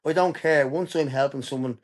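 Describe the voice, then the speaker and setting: A man's voice: medium pitch, fairly quick. An Irish man speaking as a podcast guest, telling his personal story in an earnest, emphatic way. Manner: earnest, emphatic, tells stories openly.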